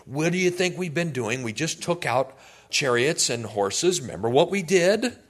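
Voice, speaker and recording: A man's voice: a little high, animated, moderate pace. A man playing a blunt, firm old leader. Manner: blunt, no-nonsense.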